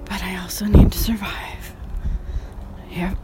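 A woman's voice: mid-range voice, little pitch movement, unhurried, in a whisper. A woman painter talking frankly while walking outdoors, sighing and swearing casually, a bit out of breath. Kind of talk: casual vlog monologue.

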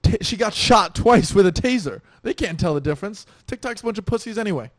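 A man's voice: high-pitched, animated, fast, dry recording. A young man co-hosting a podcast, chatting casually, laughing and swearing a lot. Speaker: podcast co-host. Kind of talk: casual chat.

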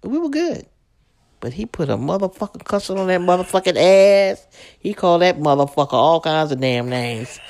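A woman's voice: sits low, fairly quick, a little mellow. A middle-aged woman from Brooklyn, telling family stories in casual, frank talk and swearing freely. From Brooklyn, New York. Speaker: mother being interviewed. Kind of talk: casual storytelling.

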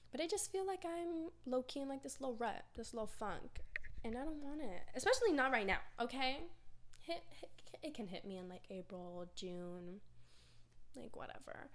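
A woman's voice: fairly high pitch, very animated, moderate pace, a little hiss or hum. A young woman hosting a personal podcast, talking candidly in a rambling, filler-heavy way about her feelings. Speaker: podcast host. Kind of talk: casual personal monologue.

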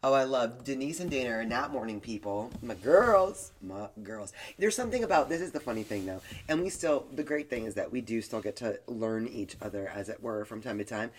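A woman's voice: very deep voice, fast, hardly any pauses, a little hiss or hum. A woman co-hosting a podcast in casual chat, candid and joking, laughing often. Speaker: podcast co-host.

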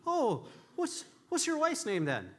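A friendly but blunt Irish barman, as a man puts him on during a stage story. His put-on accent sits well above a normal speaking voice, and his tone is bright and cutting. He talks in a cheerful, nosy way. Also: very high voice, wildly swooping pitch, a little slow, voice pushed up, heavily acted. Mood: chatty. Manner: chatty, cheerfully tactless questioning.

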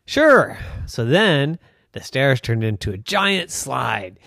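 Man storyteller, slow unhurried pace, lively sing-song delivery. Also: medium pitch, vocal fry, no room sound, clean studio sound. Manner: animated, playful storytelling. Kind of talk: improvised children's story narration.

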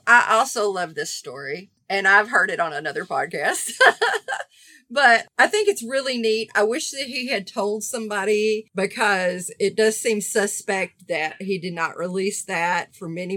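A woman in her fifties co-hosting a casual podcast chat, lively and quick to laugh. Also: medium pitch, no room sound. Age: 50s. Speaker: podcast co-host and editor. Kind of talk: casual round-table chat.

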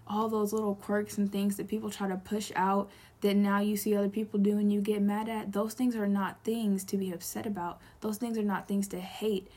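Young woman, husky, mellow, rambling heartfelt monologue. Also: medium pitch. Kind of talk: personal self-help monologue.

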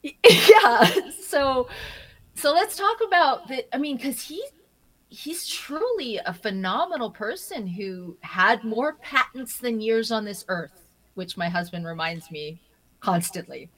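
A woman being interviewed, telling stories in an animated way, often laughing and repeating her first words as she starts a thought. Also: on the high side, slow pace, poor audio. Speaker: interview guest. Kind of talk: casual interview conversation.

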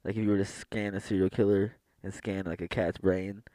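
A man's voice: low voice, level tone, fairly quick, dark tone, no room sound. A young man co-hosting a podcast, rambling casually with swearing and frequent self-interruptions. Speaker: podcast co-host. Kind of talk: casual chat.

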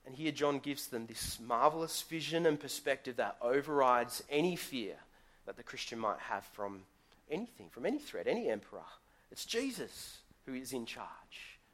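A man's voice: medium pitch, animated, normal speed, a bit bright. A man preaching a live sermon in a church as guest pastor, talking in a conversational storytelling way and asking the congregation questions.

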